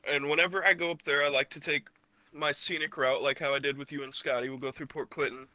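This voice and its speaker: This young man has a bright, forceful voice and a laid-back, teasing way of talking. He is recorded dry and close, as a casual podcast co-host. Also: fairly high pitch, little pitch movement, fast talker, no room sound, poor audio. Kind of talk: casual storytelling.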